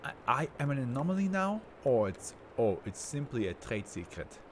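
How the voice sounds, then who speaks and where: A man's voice: medium pitch, very animated, normal speed, slight background noise, lightly acted. A man voicing an arrogant male tycoon who is a brain in a jar, speaking in a grandiose, contemptuous way. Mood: haughty.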